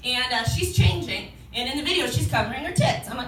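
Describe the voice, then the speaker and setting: Onstage at a comedy club, a twenty-something woman speaks in a high-pitched, expressive, fairly bright voice at a fast clip, telling a chatty story with frequent laughs and performed quotes. The mic is distant in a roomy space, picking up audience noise, murmuring, and laughter.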